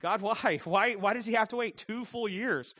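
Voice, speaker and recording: A man's voice: high-pitched, normal speed, sharp tone, no echo. A man preaching a sermon as pastor, earnest, posing many rhetorical questions and chuckling often.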